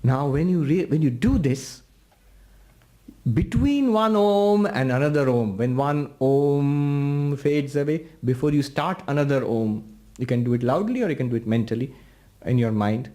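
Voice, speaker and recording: A man, a monk, giving a spiritual lecture, patiently guiding listeners through a meditation and drawing out the chanted syllables slowly. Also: medium pitch, lively intonation, warm tone.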